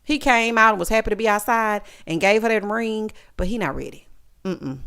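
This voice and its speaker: A woman's voice: medium pitch, normal speed, a bit bright. A woman giving a casual, sassy recap of a reality show, talking straight to her viewers.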